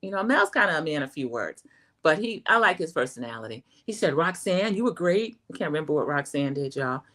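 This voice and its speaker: A middle-aged woman giving a chatty, animated recap of a reality show, talking straight to her viewers. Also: sits low, a little fast. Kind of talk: casual recap commentary.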